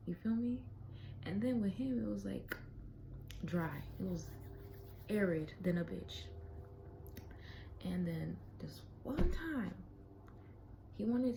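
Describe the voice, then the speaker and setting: A woman's voice: lowish voice, dark tone, slight background noise, low-quality recording. A young woman vlogger telling a personal story in a candid, profane, casual way, sometimes dropping to a whisper.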